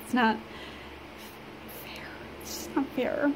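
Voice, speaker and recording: A woman from Illinois talks to the camera in a personal vlog, halting and rambling with many fillers. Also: in a whisper, rough recording. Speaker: vlogger. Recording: steady background noise.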